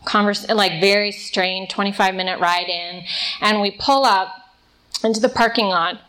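A young woman speaks to a room of girls in a relaxed, chatty way, mixing scripture with stories from her teens. Her voice sits at an ordinary middle pitch, and she often says "like" as she goes. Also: normal speed, rough recording. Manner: casual, storytelling, many "like" fillers. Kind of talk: conversational faith talk with personal stories.

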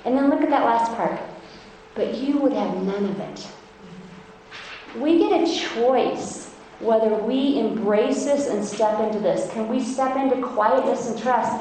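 A middle-aged woman from Iowa giving a devotional Bible talk at a women's conference, speaking earnestly and slowing down to read verses. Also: a little high, warm tone. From Iowa, United States. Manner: earnest, emphatic, reads verses slowly; self-described feisty. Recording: very echoey hall, faint noise.

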